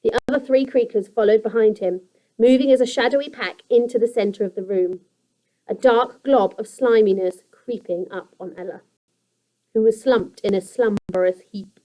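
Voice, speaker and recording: A young adult woman teacher reading a children's story aloud in a steady, expressive storytelling manner. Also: a little high, normal speed, rough recording.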